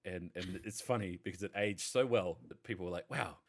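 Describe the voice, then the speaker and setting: A man's voice: sits low, fairly quick. A man, chatting casually on a podcast and rambling enthusiastically, with lots of swearing. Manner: profane, rambling enthusiastic storyteller. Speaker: podcast panelist. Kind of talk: casual chat.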